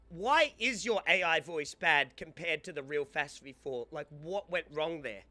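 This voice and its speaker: A young man streaming casually, excitable and prone to stammering and restarting words. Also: fairly high pitch, measured pace. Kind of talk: casual live-stream chat.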